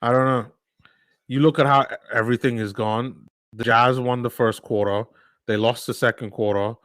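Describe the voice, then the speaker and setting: A man giving live play-by-play commentary as a fan on a watch-along stream, sighing in disbelief and getting loud when his team scores. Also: mid-range voice, moderate pace, dry recording. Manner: excitable fan, swings from sighing disbelief to shouting.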